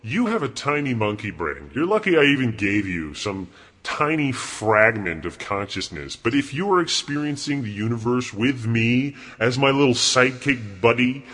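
A man's voice: medium pitch, sing-song, normal speed, fairly bright tone, husky. A man playing a foul-mouthed arrogant God. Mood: mocking. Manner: profane, rambling, mocking. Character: crude arrogant male God, bored and contemptuous. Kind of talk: comedy podcast bit.

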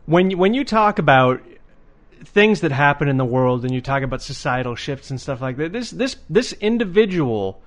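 A man's voice: on the high side, animated, normal speed. A man co-hosting a podcast in casual chat, earnest, often repeating words as he thinks. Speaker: podcast co-host.

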